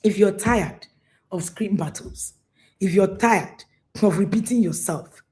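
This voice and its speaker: Woman coach, animated and emphatic live talk, warm mellow tone. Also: mid-range voice, a little slow. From Nigeria. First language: Igbo. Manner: animated, emphatic, repeats herself. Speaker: parenting coach.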